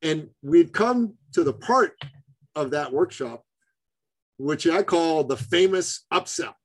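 An entrepreneur man telling a story in a podcast interview, chummy and animated, with big swings in pitch for emphasis. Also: slow, dry recording, rough recording. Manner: chummy, calls the host buddy and brother. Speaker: entrepreneur guest.

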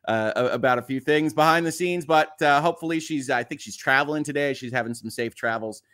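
A man's voice: fairly high pitch, fairly quick, hardly any pauses, a bit bright. A man hosting a casual live stream, reading viewer comments in an upbeat, chatty way with frequent laughs. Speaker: livestream host and lawyer.

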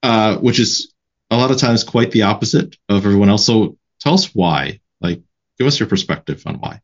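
A man hosting a podcast interview, briskly explaining things for listeners and prompting his guest. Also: lowish voice, lively intonation, lo-fi sound. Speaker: podcast host. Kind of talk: casual interview chat.

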